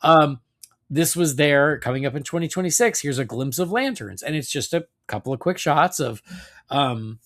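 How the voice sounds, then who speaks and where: Male podcast host, higher-pitched, loose chatty delivery full of "uh" and "um". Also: moderate pace, a bit bright. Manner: chatty, hedging with many fillers. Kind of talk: casual podcast chat.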